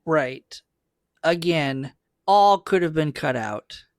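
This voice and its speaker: A man's voice: fairly high pitch, animated, slow pace, no echo, studio quality. A man co-hosting a podcast, giving opinions on a movie and laying out a fan theory step by step. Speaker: podcast co-host. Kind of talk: casual movie discussion.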